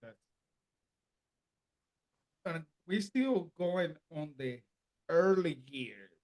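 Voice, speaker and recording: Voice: medium pitch, big pitch swings, very slow, a little mellow. An interviewer reacting emphatically and asking questions, sounding appalled.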